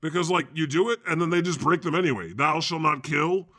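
A man playing God as a laid-back, slangy deity with a deadpan delivery in an improvised comedy interview. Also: a little high, fairly quick. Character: God, a casual jaded male deity.

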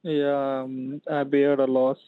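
A man on a casual phone call, hesitant and halting, with many pauses. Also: medium pitch, completely flat delivery, clean tone, dry recording. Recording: tinny phone line.

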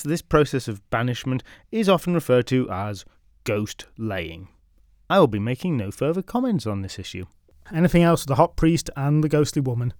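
A man narrating folklore stories from a script, with wry, deadpan asides. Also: medium pitch, dry recording, clean studio sound. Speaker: storytelling podcast host.

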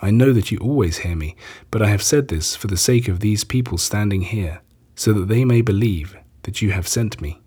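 A man reading the words of Jesus in a measured, gentle way. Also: lowish voice, breathy edge. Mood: calm. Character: Jesus, calm grown male teacher.

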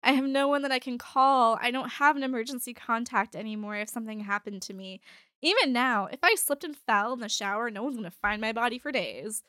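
Bright-voiced woman telling a story. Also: fairly high pitch, fairly quick, no room sound, clean studio sound. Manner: candid storytelling, swears, laughs often. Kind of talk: casual chat.

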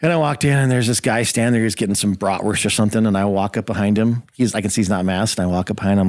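A man's voice: lowish voice, rapid-fire, no echo, clean studio sound. A man guest-hosting a casual talk show, telling a long story and acting out the voices of the people in it. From rural Minnesota. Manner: animated storyteller acting out quotes. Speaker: guest host.

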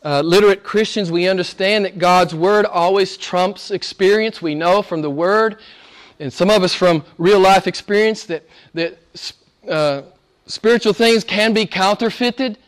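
A man's voice: high voice, a little slow. A middle-aged man preaching a sermon, rising and falling emphatically as he exhorts his listeners.

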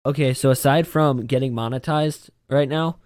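A young man, a guest on a podcast, chatting casually in a relaxed way. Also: medium pitch, normal speed, dry recording, clean studio sound.

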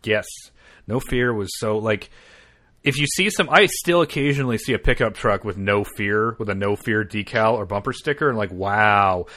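A man's voice: fairly low pitch, normal speed, pushed and bright. A male podcast host in casual comedic chat, joking crudely and rambling loosely. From Indiana.

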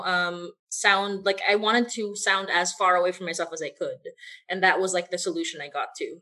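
A woman's voice: mid-range voice, a bit bright. A woman who writes and voices an audio drama, chatting casually with frequent laughs and rambling asides. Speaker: podcast writer and voice actor. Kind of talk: casual behind-the-scenes chat.

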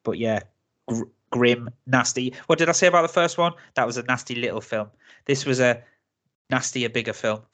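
A man's voice: mid-range voice, moderate pace, a bit bright. Chatty man reviewing films. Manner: chatty, laughs often, rants with mock accents. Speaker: film review podcast host. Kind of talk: casual chat.

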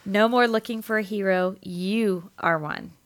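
A woman's voice: medium pitch, unhurried, a loud crowd. A woman co-hosting a podcast in casual chat, laughing often and rambling, a bit short of breath after an infection. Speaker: podcast co-host.

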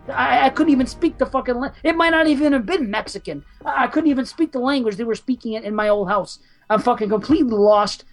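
A man's voice: extremely high pitch, fast, soft background music. A man co-hosting a horror movie podcast, rambling in a frantic, profane way. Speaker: podcast co-host. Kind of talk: casual horror podcast banter.

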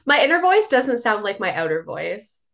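A woman's voice: medium pitch, sing-song, moderate pace, creaky, fairly bright tone. A young adult woman chatting casually with a friend as a podcast co-host, giggly and chatty, filling her talk with "like". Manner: giggly, chatty, says "like" often.

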